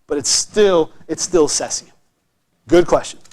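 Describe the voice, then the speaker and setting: Teacher: man, fairly high voice, upbeat and encouraging, frequent comprehension checks. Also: unhurried, darkish tone. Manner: encouraging, checks understanding often. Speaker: chemistry teacher. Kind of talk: classroom lecture. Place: classroom.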